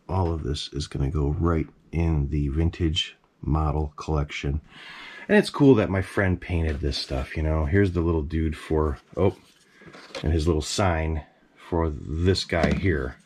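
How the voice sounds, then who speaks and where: A man's voice: extremely low pitch, fairly even intonation, measured pace, darkish tone. A middle-aged man casually chatting about his collection in a basement, rambling with plenty of "you know"s and fillers. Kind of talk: casual vlog chat. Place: basement room.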